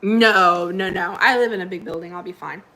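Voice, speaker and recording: A woman's voice: lowish voice, brisk, pushed and bright, slight background noise, low-quality recording. A woman hosting a casual livestream from home, chatting with viewers, reading their comments and laughing often. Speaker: livestream host. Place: home indoors by a window.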